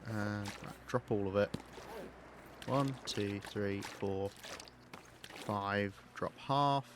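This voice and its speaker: Casual male streamer, low voice, loose thinking-aloud commentary. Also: extremely slow, noisy background. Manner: chatty, rambling, thinks aloud while playing. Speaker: game streamer. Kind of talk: live-streamed let's play commentary.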